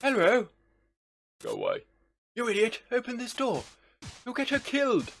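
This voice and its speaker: Brief: shrill, frantic game woman, played by a man in falsetto, yelling. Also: huge pitch swings, racing, creaky, a little hiss or hum, heavily acted. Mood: panicked. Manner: shrill, panicked shouting. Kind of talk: voicing game dialogue.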